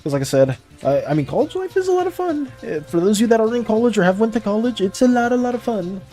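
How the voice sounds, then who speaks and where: A young man chatting casually with viewers on a live art stream, animated and apologetic, rambling with frequent restarts and laughs. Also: high-pitched, fast, soft background music.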